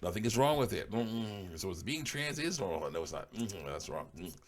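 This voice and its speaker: A man's voice: sits low, sing-song, normal speed. A man reading comments aloud and answering them in blunt, dismissive retorts, chuckling often between remarks. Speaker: online commentator.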